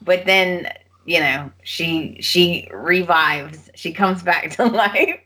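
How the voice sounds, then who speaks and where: A woman's voice: fairly low pitch, slow pace, sharp tone, husky. A woman hosting a podcast, casually recapping soap opera episodes and acting out the characters' lines as she tells the story. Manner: chatty storyteller who acts out characters' lines. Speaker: podcast host.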